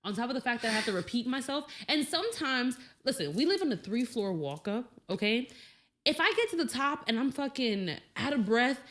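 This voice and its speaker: A woman's voice: fairly high pitch, big pitch swings, fairly quick, fairly bright tone. A woman appearing as a guest on her boyfriend's podcast, talking frankly, with an exasperated edge and free swearing. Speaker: podcast guest, host's girlfriend. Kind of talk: casual chat.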